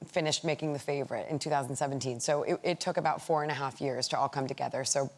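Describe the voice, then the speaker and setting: A woman with a low voice speaks as a chat show guest. She is thoughtful and halting, often restarting her sentences. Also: fairly even intonation. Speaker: actress and producer.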